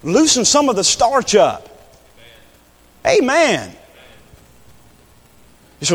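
Preacher guy, high voice that jumps all over, big echoey church hall. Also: very animated, slow, pauses often. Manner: impassioned, swings from low talk to high shouts. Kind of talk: sermon. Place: church sanctuary.

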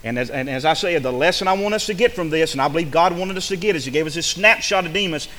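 A male pastor preaches in a bright, high voice. He repeats his phrases and restarts them fervently. The sound rings with long reverb, as in a church hall. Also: quick pace. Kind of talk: sermon.

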